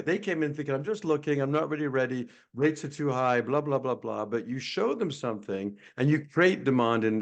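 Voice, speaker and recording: Gravelly-voiced man giving a sales webinar. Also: mid-range voice. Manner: storytelling, repeats words when restarting. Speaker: webinar host, sales trainer. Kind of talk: casual webinar talk.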